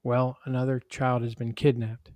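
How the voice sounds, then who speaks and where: A man's voice: medium pitch, little pitch movement, normal speed, darkish tone, dry recording, lightly acted. A man voicing an earnest neighborhood mother teaching children in a read-aloud story. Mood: teacherly.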